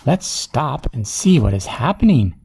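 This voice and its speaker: A man voicing a kind, apologetic farmer who speaks gently. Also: mid-range voice, sing-song, measured pace, breathy edge, full character voice. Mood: gentle.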